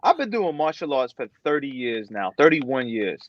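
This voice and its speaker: A man's voice: medium pitch, very animated, moderate pace, no room sound. A man co-hosting a podcast in a casual chat, speaking emphatically and repeating words for stress. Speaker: podcast co-host. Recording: dry, dull sound.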